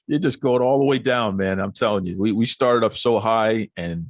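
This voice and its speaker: A man's voice: fairly low pitch, normal speed, no echo, studio quality. A man hosting a podcast in casual chat, jokey and teasing, laughing often. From Boston area. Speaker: podcast host.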